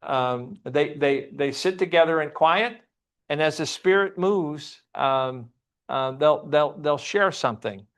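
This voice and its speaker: A man's voice: fairly high pitch, takes it slowly, fairly bright tone, clean tone. A man teaching a church Sunday class, often asking the class questions and repeating himself.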